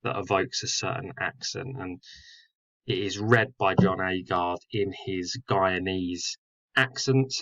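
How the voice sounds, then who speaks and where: A male English teacher explaining a poem in a recorded lesson, filling pauses with "um". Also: low-pitched, steady tone, vocal fry, a bit bright, muffled recording. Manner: explanatory, with many fillers.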